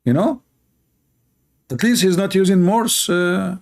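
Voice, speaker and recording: A man with an Arabic accent talks in a sarcastic, mocking way, ribbing the clip he is reacting to. His voice sits a little high for a man. He hosts with a teasing, playful edge. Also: takes it slowly. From Middle East. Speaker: show host reacting to a clip. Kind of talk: mocking commentary.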